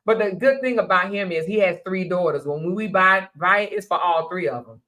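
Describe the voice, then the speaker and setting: A woman's voice: on the low side, fairly quick, bright, forceful tone. An older woman hosting a casual live-stream talk in a Southern manner, blunt and preachy, laughing often as she speaks her mind. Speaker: live show host.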